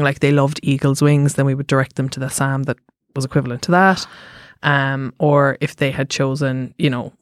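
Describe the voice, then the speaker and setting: A woman's voice: low-pitched, dry recording. A woman with a Cork Irish accent hosting a casual chat, dry and blunt in her delivery. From Cork, Ireland. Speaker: podcast host.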